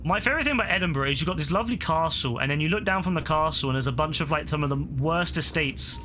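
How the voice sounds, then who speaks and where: A man with a bright, forceful voice talks on a game stream, pitched a little above the usual. He rambles from point to point and swears freely. Faint noise sits under his voice. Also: lively intonation, quick pace. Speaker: gaming streamer. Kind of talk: casual chat while gaming.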